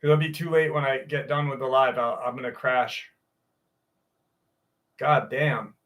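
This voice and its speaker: A man's voice: medium pitch, fairly even intonation, a little slow, fairly bright tone. A man hosting a live stream, chatting casually with viewers by name, swearing freely, and reading out a story.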